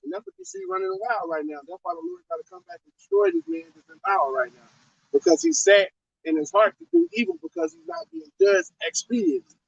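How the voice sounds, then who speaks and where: A man's voice: very high-pitched, huge pitch swings, brisk, creaky, dry recording, recorded from a distance, lo-fi sound. A man giving blunt, emphatic religious commentary and reading scripture.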